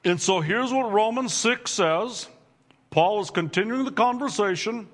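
A man preaching a sermon to his congregation, reading scripture and explaining it with slow, deliberate emphasis. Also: sits high, expressive, a bit bright. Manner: addresses congregation directly. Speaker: pastor.

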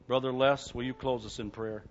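A man preaching a sermon as pastor, fervent, swinging between loud urging and quiet pleading. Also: mid-range voice, steady tone, normal speed, lo-fi sound. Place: church.

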